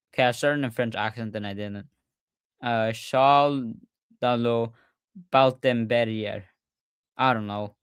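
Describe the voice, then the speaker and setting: A man hosting a casual livestreamed podcast, talking excitedly and often restarting his sentences with fillers. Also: mid-range voice, smooth, dry recording, clean studio sound. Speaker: podcast host.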